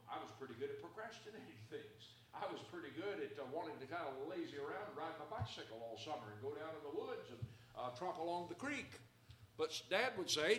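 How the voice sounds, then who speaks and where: A man from the American South, preaching a sermon that moves between story and loud, emphatic exhortation. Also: a little high, expressive, fairly quick, roomy sound, far from the mic.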